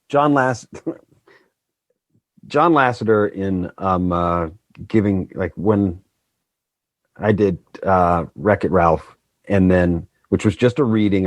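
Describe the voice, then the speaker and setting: A man in his fifties, a guest actor in casual chat, telling stories in an animated way. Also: sits low, measured pace, pauses often, no echo. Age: 50s.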